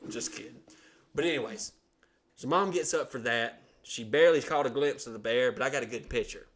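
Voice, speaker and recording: A man's voice: medium pitch, fairly quick, slight background noise. A man, from Alabama, hosting a podcast and telling a long story in a casual, profane way, acting out the voices of the people in it. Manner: profane, animated storyteller who acts out quotes. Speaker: podcast host.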